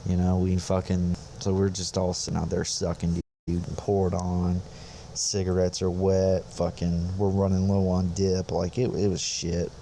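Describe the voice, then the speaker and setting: Deep-voiced, profane young man telling stories. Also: monotone, a little slow, mellow, a little hiss or hum. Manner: profane, laid-back, rambling. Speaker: podcast host, infantry soldier. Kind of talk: casual storytelling.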